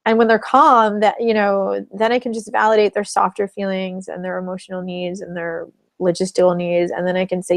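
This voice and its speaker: Gravelly-voiced woman coaching couples. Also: mid-range voice, fairly quick, no room sound. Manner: calm and explanatory, acting out example phrases. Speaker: relationship coach. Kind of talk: teaching in a webinar.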